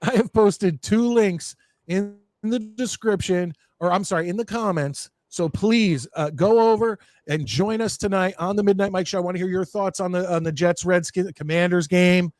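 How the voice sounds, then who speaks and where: A man's voice: sits high, normal speed, darkish tone, no echo. A man hosting a casual sports call-in show, rambling and correcting himself as he goes. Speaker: show host.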